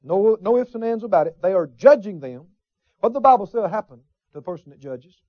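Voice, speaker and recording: A man's voice: high-pitched, animated, brisk, dry recording. A man preaching a sermon, folksy asides and call-and-response with the congregation. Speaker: pastor. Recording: dull, slightly lo-fi sermon recording.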